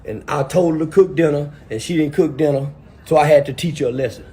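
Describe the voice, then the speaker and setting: A man voicing a gruff, menacing middle-aged man in a low, threatening mutter. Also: quick pace, warm tone, natural voice.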